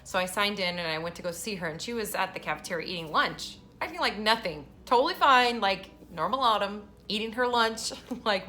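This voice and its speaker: A woman's voice: mid-range voice, moderate pace, bright, forceful tone. A woman, a mother of a special-needs daughter, talking casually in a personal vlog, emotional and laughing often as she tells her story.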